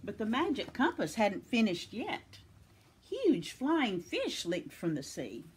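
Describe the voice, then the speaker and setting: A woman from Tennessee reading a children's picture book aloud with expressive storytelling. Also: mid-range voice, takes it slowly, slightly rough.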